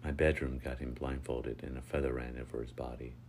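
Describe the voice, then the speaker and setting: A man reading a first-person story aloud in a steady, unhurried way. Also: a bass voice, creaky, slight background noise. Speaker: narrator.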